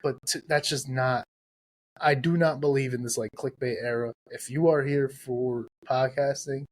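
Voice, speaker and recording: An emphatic man hosts a laid-back podcast conversation. His voice sits at a middle pitch, and he drives his points home by repeating them. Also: fairly even intonation, normal speed. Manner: emphatic, advice-giving, repeats himself. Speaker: podcast host. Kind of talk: casual podcast chat.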